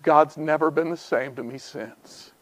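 A middle-aged man preaching a revival sermon, moving from hushed storytelling to fervent, near-shouted pleas. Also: fairly high pitch, measured pace, no echo.

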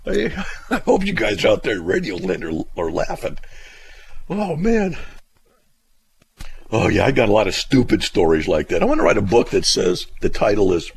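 A man's voice: fairly low pitch, vocal fry, a little hiss or hum. A middle-aged man hosting a radio show, telling rambling stories and laughing often. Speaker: radio host. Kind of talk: casual radio talk.

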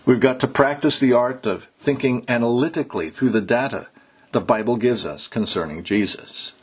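A man preaching a sermon, exhorting his listeners and slowing down to stress key words. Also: mid-range voice, slightly rough. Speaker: pastor.

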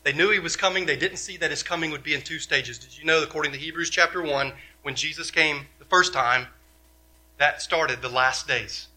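Preaching forcefully, this man of the cloth fires off rhetorical questions while his volume rises and falls. He speaks on the high side and at a brisk clip.

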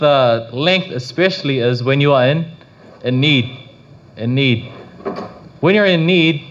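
A man giving a casual devotional talk on prayer, rambling with frequent restarts and filler phrases. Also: medium pitch. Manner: rambling, full of restarts and "you know". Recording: slightly dull lo-fi recording.

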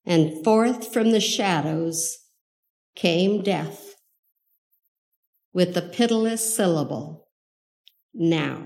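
Very slow solemn woman reciting verse. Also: lowish voice, a little mellow. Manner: solemn, measured. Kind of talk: poetry recitation.

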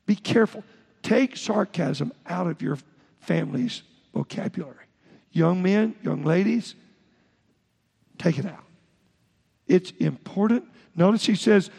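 A man's voice: high-pitched, gravelly. A man preaching a sermon as pastor, speaking in short emphatic phrases and often restarting mid-sentence. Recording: long hall reverb.

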